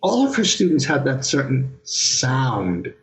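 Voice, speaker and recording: A man, a pianist, telling lively stories in an interview and acting out his old teacher's remarks. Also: medium pitch, measured pace, poor audio. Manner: animated anecdotes, mimics his teacher's voice. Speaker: pianist guest. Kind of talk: conversational storytelling interview.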